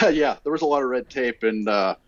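A man guesting on a podcast, talking in a relaxed way with plenty of hesitations. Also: medium pitch, normal speed, no echo, dull audio. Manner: relaxed, hesitant with many uhs. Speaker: photographer guest. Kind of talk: casual interview chat.

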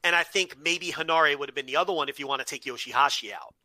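Man, podcast co-host, casual chat, very bright voice, dry close sound, methodical. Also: a little high, fast, no room sound. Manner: analytical, makes his case point by point.

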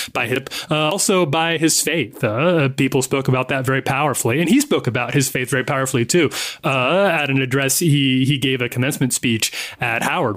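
Man, podcast host, mid-pitched, casual chat, easygoing. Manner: relaxed, conversational, hesitant fillers.

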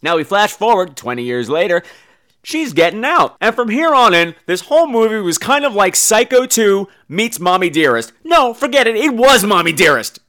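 A man's voice: sits high, sing-song, moderate pace, bright, forceful tone. A man hosting a podcast, giving a casual comedic movie review in a campy, profane storytelling manner. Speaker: podcast host, film reviewer.

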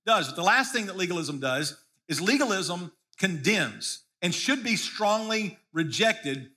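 High bright-voiced male preacher. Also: animated, unhurried. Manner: conversational preaching with frequent restarts and repeated words. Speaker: pastor. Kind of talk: sermon.

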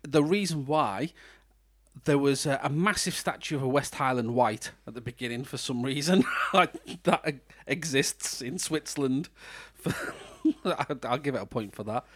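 On his podcast, a British host talks about a film in a relaxed review chat, laughing a lot and slipping into mock voices. He speaks unhurriedly at a medium pitch, his voice a bit bright with a breathy edge, and there's no room sound.

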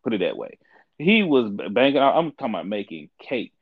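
A man in his twenties in a casual podcast chat, telling a story with lively delivery and acting out the people he quotes. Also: fairly low pitch, brisk, husky, dry recording, narrow, tinny audio. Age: 20s. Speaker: podcast co-host.

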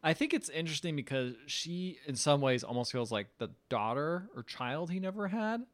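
A man's voice: fairly high pitch, lively intonation, moderate pace. A man co-hosting a podcast, chatting casually about a film and cracking wry jokes. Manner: wry, joking commentary. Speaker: podcast co-host. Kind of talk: casual movie chat.

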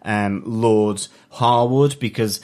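A man co-hosting a podcast, chatting casually about a TV episode and pausing often with ums and uhs. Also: fairly low pitch, a little mellow. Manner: hesitant, many ums and uhs. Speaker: podcast co-host. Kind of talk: casual chat reviewing a TV episode.

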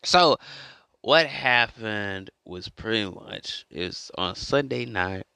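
A man's voice: lowish voice, animated, takes it slowly, gravelly, pushed and bright, clean tone, no echo. A man telling a story in a casual monologue, rambling and repeating himself as he goes. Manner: rambling and repetitive, restarts a lot. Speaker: vlogger.

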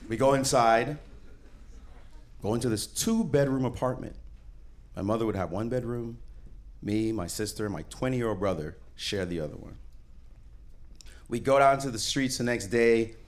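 A man from Jamaica telling a personal story on stage to a live audience, animated and acting out the people in it. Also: medium pitch, normal speed, long pauses. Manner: animated, acts out the voices of the people in his story.

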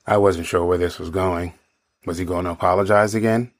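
A man, a bartender, calmly narrating a story from behind the bar. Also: sits low, a little fast.

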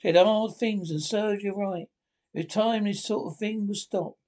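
A man voicing a sensible, earnest male water rat in a storybook reading, telling things slowly and emphatically. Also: sits high, steady tone, a little mellow, pitched above the performer's own voice. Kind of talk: storybook character voice.

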